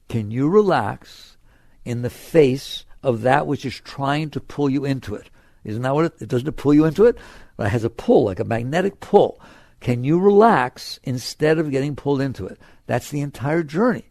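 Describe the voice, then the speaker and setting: An older man giving an informal spiritual talk, conversational and full of rhetorical questions, swinging between emphatic and quiet. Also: medium pitch, expressive, brisk, no room sound, clean studio sound. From United States. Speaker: spiritual teacher.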